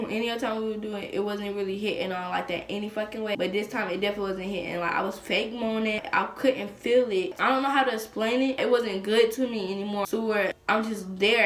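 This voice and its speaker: A teenage girl telling a storytime vlog in a blunt, profane, fast-talking way. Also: medium pitch, a bit bright, reverberant. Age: teens. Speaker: vlogger. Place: bedroom at home.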